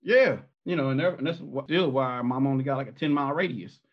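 A man's voice: medium pitch, fast, a crowd in the background. A man guest on a podcast, telling a family story in a loose, rambling way full of fillers. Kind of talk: casual storytelling. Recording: muffled, husky-sounding audio.

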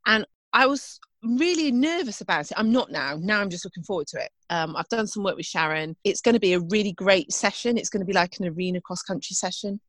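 A woman's voice: mid-range voice, a little fast, few pauses, no room sound. Chatty woman, dry sound. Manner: chatty, self-deprecating, animated storytelling. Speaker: podcast co-host and event rider. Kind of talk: casual chat.

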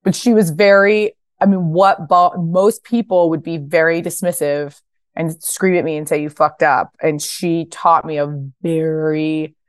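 A woman in her thirties, a fashion founder guesting on a podcast, telling stories casually and acting out quotes with bursts of high voices. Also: fairly even intonation, a little slow, dry recording. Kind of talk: casual interview storytelling.

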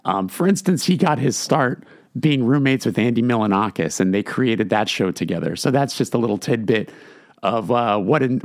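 A man's voice: medium pitch, dry recording, studio quality. A man hosting a podcast, telling a story in a casual, chatty way with many fillers. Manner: chatty, many fillers, quotes others in lively voices. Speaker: podcast host.

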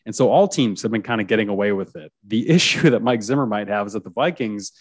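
Guy on a sports pod, low voice, dry close sound, keeps restarting sentences and chuckling. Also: fast talker, no echo. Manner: conversational, frequent restarts and chuckles. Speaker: sports reporter guest. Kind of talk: casual sports chat.

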